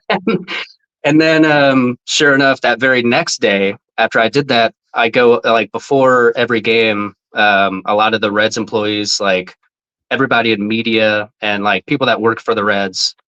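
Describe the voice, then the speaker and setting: A man telling a story on a podcast in a casual, animated way. He swears freely, laughs often and jumps up in pitch when he quotes people. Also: normal speed, highs cut off. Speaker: podcast guest, former team mascot.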